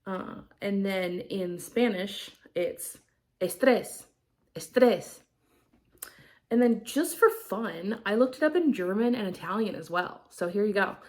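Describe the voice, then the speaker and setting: A woman's voice: mid-range voice, a little slow. A young woman chatting casually in her craft vlog, rambling with lots of fillers. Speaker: cross-stitch vlogger. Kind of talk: casual chat.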